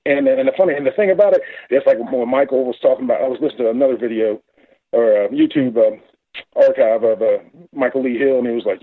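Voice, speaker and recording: Man, phone caller, tinny phone line, husky voice, rambling and excited. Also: mid-range voice, quick pace, no room sound. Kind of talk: casual phone-in story.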